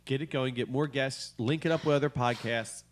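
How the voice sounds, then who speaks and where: A man's voice: medium pitch, normal speed. A male podcast host, joking, swearing freely and laughing at himself in casual studio banter. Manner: self-mocking, swears freely, laughs often.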